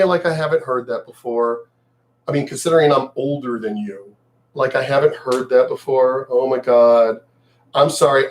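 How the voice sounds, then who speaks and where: A middle-aged man delivers a vlog rant with a fairly high-pitched voice. He is blunt, sarcastic and swears freely. He drops into mocking put-on voices to imitate people he disagrees with. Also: rough recording. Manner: mocks others in put-on voices. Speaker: vlogger. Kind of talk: ranting commentary vlog.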